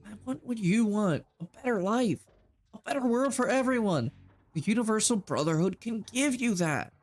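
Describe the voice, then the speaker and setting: A man's voice: high-pitched, lively intonation, normal speed, soft background music, voice pushed up. A man voicing an earnest young man who has joined a cult, pleading and preachy. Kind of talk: game text read aloud in character.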